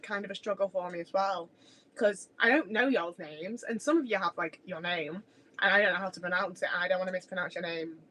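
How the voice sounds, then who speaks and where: A woman's voice: mid-range voice, a bit bright, rough recording. Sweary rambling woman streaming. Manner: rambling, sweary, self-deprecating. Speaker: livestreamer. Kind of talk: casual livestream chat. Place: home kitchen.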